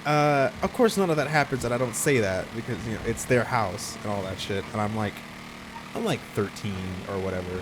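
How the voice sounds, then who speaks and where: A young man telling a rambling personal story in casual chat, full of restarts and flaring up loud when annoyed. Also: mid-range voice, fairly quick, noisy background. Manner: rambling with many restarts, gets worked up and loud. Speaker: podcast host telling a story.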